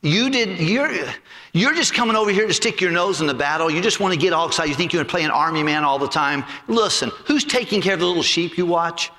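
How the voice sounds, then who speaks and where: A man's voice: high voice, fast, pushed and bright, big-room sound. A man voicing a scornful older brother, a soldier who scolds in a dismissive way. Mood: scolding.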